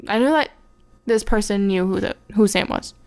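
A woman's voice: medium pitch, moderate pace, creaky. A young woman chatting casually on a podcast, telling a story in a frank, swearing, laughing manner. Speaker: podcast guest, host's fiancée.

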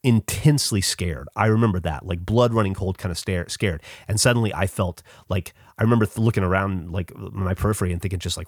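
A middle-aged man from the Southern United States hosting a podcast, telling a personal story in a halting, casual way with lots of fillers, restarts and swearing. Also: fairly low pitch, no echo, clean studio sound. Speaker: podcast host.

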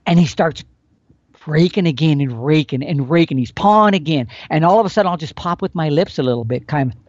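A man's voice: fairly high pitch, brisk, no echo. Middle-aged guy explaining stuff, voice jumping all over, kinda dull dry recording. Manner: animated, folksy, demonstrating with expressive swings. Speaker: elk hunting expert guest. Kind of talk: casual instructional explanation.

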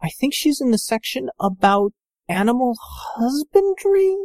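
A man's voice: very high voice, very animated, unhurried, darkish tone, dry recording, clean studio sound, pitched above the performer's own voice, full character voice. A man voicing a shy, flustered young woman scholar in a tabletop game, hesitant and stammering. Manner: hesitant, stammering and caught off guard. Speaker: game master voicing a character.

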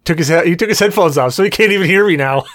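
A man's voice: high-pitched, very fast, fairly bright tone, dry recording, studio quality. A man hosting a podcast, teasing his guests in crude joking banter. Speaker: podcast host.

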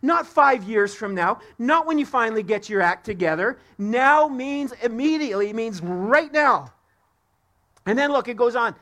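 A man's voice: extremely high pitch, expressive, moderate pace, fairly bright tone. A man preaching a live sermon as pastor in a church, emphatic and repeating key words for stress. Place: church sanctuary.

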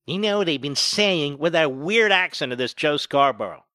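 A man hosting a talk radio show with sarcastic, mocking commentary that swings between loud jabs and quiet asides. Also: a little high, lively intonation, moderate pace, dry recording.

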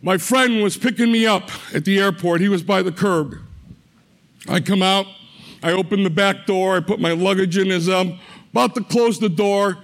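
A middle-aged man telling a personal faith testimony, earnest and halting, often repeating words and restarting. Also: sits high. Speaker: speaker giving a faith testimony.

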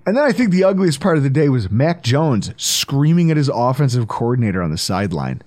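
A man's voice: mid-range voice, very animated, brisk, a little mellow. A man hosting a casual sports podcast, joking, riffing and laughing as he talks. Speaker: podcast host.

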